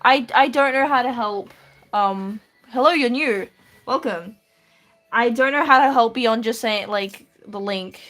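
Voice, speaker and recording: Her voice is on the high side, a little slow and fairly bright, with soft background music. She's an Australian woman live-streaming from her room, drawing and chatting casually with viewers, laughing lightly in her replies.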